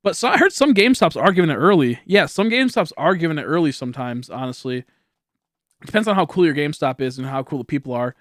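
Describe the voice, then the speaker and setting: A young man streams from home, talking to his chat in a loose, rambling way and breaking into laughter often. His voice sits a little high for a man. The sound is dry and close to the mic. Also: lively intonation, fast talker, fairly bright tone, no echo. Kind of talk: casual live-stream chat.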